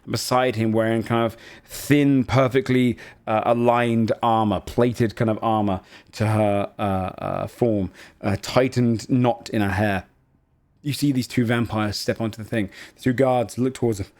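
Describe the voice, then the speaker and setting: A man narrates as game master of a tabletop game. He talks in a loose, casual way and fills his lines with "kind of" and "like". His voice sits at an ordinary middle pitch. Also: fairly even intonation, measured pace, darkish tone.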